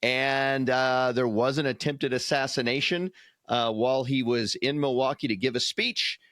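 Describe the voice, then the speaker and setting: A man's voice: medium pitch, normal speed, a bit bright, dry recording, studio quality. A man co-hosting a casual podcast, recapping a quiz answer in an easygoing, joking way with many uhs. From United States. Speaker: podcast co-host.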